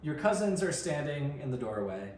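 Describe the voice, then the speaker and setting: An animated, jokey man reads a storybook aloud and riffs between lines. His voice sits a bit high and swings widely. The mic picks up a roomy echo and a faint hiss. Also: normal speed. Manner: animated, jokey, laughs often. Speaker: co-host reading a storybook aloud. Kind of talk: casual reading and chat. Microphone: studio mic. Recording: roomy room with faint noise.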